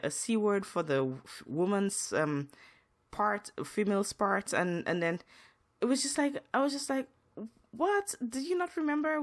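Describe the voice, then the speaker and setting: A young adult woman hosting a podcast, telling personal stories in a casual, emotional way with frequent restarts. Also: mid-range voice. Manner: emotional, earnest storytelling with many restarts. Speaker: podcast host.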